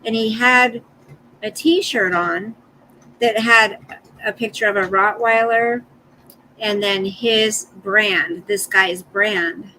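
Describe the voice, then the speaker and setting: An older woman chatting casually with her live stream viewers, rambling between stories and stopping to coo softly at her dog. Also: mid-range voice, slow, a little hiss or hum, poor audio. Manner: chatty, rambling, talks to her dog in soft baby talk.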